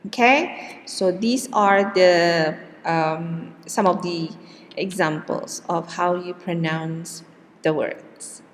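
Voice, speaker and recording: A woman teaching English word stress, saying each model word slowly and deliberately between hesitant fillers. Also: fairly low pitch, in a large hall, slight background noise. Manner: slow, drawn-out model words with hesitant fillers. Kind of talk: pronunciation lesson.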